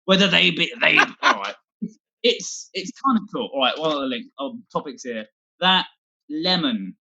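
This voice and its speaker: A man's voice: on the high side, very animated, measured pace, gravelly, pushed and bright, highs cut off. A man doing a scattered, self-deprecating stand-up set from home, swearing a lot as he talks. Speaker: stand-up comedian. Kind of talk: rambling online stand-up set.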